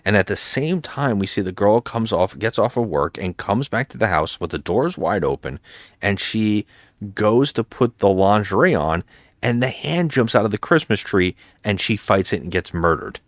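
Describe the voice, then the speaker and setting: A man's voice: on the low side, animated, normal speed, no echo, clean studio sound. A man co-hosting a podcast, casually retelling a film's plot with hesitant, rambling asides. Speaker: podcast co-host. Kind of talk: casual movie-review chat.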